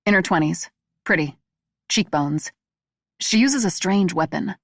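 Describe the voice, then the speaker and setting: A woman voicing a tough woman assassin in an audiobook, speaking bluntly and forcefully. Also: fairly low pitch, animated, a little slow, no echo, clean studio sound.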